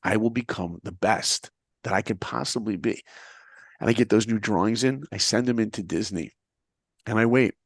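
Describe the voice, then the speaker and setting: Speaking at a moderate clip in a fairly low pitch, a middle-aged man from New York shares his personal story like a motivational talk. He animatedly performs the conversations he recalls, and the audio carries no room sound.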